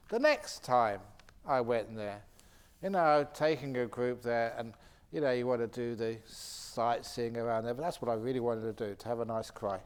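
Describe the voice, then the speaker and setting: In a meditation retreat centre hall, a male Buddhist monk and meditation teacher fields questions from retreatants. His delivery is chatty and full of lively anecdotes punctuated by frequent laughter, with a voice of average pitch.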